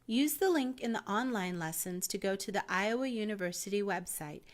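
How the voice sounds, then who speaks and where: A woman with an American accent reads a teaching guide aloud, one step at a time. Her delivery is calm and measured, like scripted instructional narration. Her pitch sits in an ordinary middle range.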